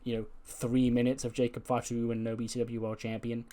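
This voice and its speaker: A man's voice: mid-range voice, completely flat delivery, brisk, mellow. A man casually narrating a recap of a wrestling management game, chatty and profane, laughing as he tells it. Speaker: game video host.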